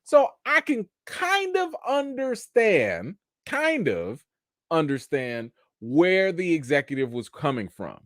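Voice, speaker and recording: Young guy doing live chat commentary, voice jumps all over, dry room, gets loud and mocking. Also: fairly high pitch, slow pace, dry recording. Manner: animated, mocking asides, rising to near-shouts. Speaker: show host.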